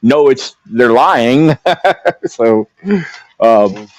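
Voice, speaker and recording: A man's voice: mid-range voice, lively intonation, extremely slow, dry recording. A man co-hosting a podcast, chatting casually and rambling with many fillers and restarts. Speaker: podcast co-host.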